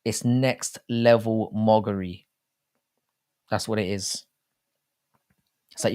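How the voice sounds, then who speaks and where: A man's voice: fairly low pitch, measured pace, pauses often. A British man co-hosting a live stream chat, rambling in a casual, profane way. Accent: British English. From Britain.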